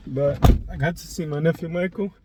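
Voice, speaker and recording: A man's voice: fairly high pitch, fairly even intonation, a little fast, heavy background noise. A man in his forties hosting a confessional vlog from inside a parked car, raw and emotional, swearing freely and choking up as he talks. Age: 40s. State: tearful, choked up. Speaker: vlog host.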